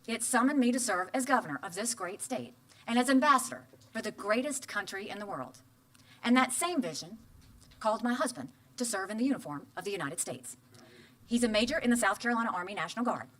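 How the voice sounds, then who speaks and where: A woman politician delivering an earnest, measured campaign speech. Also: on the high side, lively intonation, fairly bright tone.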